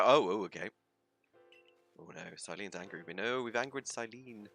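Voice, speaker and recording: A man's voice: fairly low pitch, lively intonation, normal speed, faint music behind. A man giving casual, theatrical commentary while streaming a game. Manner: theatrical, swings into loud outbursts.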